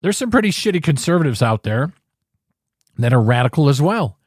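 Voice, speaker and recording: Man, political talk host, angry rant, sarcastic, swinging pitch, dry sound. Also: big pitch swings, a little fast, no room sound. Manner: angry, emphatic, sarcastic, profane. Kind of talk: ranting political monologue.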